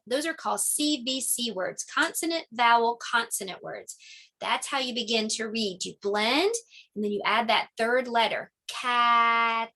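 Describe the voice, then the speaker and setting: A woman's voice: a little high, bright, forceful tone. A woman casually walking through preschool lesson ideas, chatty and explaining step by step. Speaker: teacher sharing lesson ideas. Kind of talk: casual instructional vlog.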